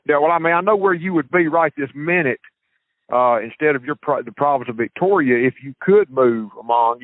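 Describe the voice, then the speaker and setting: A man's voice: medium pitch, no echo. A man with a Southern US accent hosting a casual podcast chat, folksy and prone to repeating himself. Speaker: podcast host. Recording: tinny phone-like line, dry.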